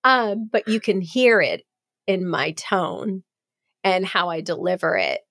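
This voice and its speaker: A woman co-hosting a casual chat, playful and quick to joke and laugh. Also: on the low side, vocal fry, fairly bright tone, no room sound, clean studio sound. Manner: playful, laughs often, jokey asides.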